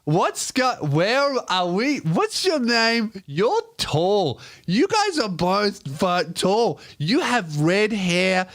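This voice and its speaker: A man's voice: sits high, sing-song, extremely slow, hardly any pauses, fairly bright tone, voice pushed up, heavily acted. A man voicing a very drunk young woman, confused and giddy, with wandering, slurred questions.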